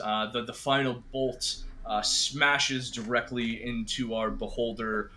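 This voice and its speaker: A man running a tabletop game as dungeon master, narrating slowly with lots of "uh" and "um". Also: medium pitch, fairly even intonation, sharp tone. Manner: unhurried, filler-heavy narration.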